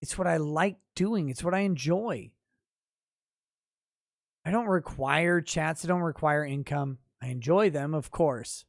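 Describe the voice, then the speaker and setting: A man hosting a casual livestream, reading viewer comments aloud and breaking into loud, profane, mock-boastful rants. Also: on the high side, a little slow, gravelly, dry recording, studio quality. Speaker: livestream host.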